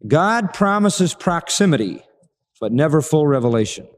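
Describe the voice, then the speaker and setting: Animated preacher with a high, lively voice. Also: male voice, normal speed. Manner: animated, dramatic, acts out quoted speech. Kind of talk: sermon. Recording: long reverb of a large hall.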